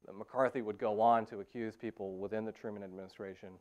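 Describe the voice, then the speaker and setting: A man giving a university history lecture, pausing often with "uh" fillers and restarting phrases. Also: lowish voice, steady tone, darkish tone. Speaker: history professor. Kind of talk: academic lecture.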